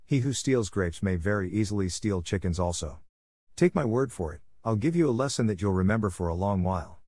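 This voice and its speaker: A man voicing an angry farmer who speaks roughly and sternly. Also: fairly low pitch, lively intonation, fairly quick, a little mellow, dry recording, clean studio sound.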